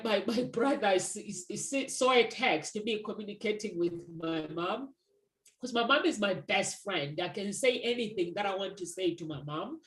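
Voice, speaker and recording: Woman matchmaker chatting, earnest n reflective, kinda echoey room. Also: medium pitch. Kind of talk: casual conversation.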